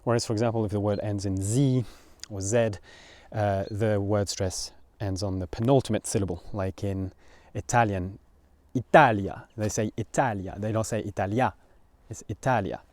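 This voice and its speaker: A man's voice: fairly low pitch, fairly even intonation, normal speed, warm tone, dry recording. A man from France with a French accent, teaching a pronunciation lesson and patiently repeating words to model the sounds.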